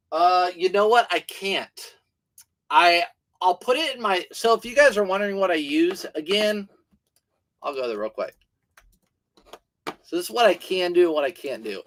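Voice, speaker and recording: A man's voice: sits high, fairly bright tone. A man hosting a casual livestream about reselling, chatting and answering viewer comments as he goes. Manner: chatty, reads viewer comments aloud, restarts sentences.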